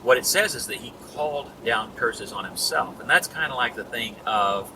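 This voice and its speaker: A man's voice: mid-range voice, lively intonation, moderate pace. A man preaching a sermon in a church, conversational, acting out the voices of people in the story. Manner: conversational, retells scenes with acted voices. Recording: distant mic with room noise.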